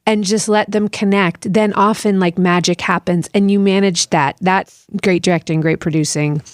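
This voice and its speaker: A woman's voice: mid-range voice, steady tone, moderate pace, no room sound, clean studio sound. A woman hosting a podcast interview, speaking effusively and laughing often. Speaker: podcast host. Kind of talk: casual interview chat.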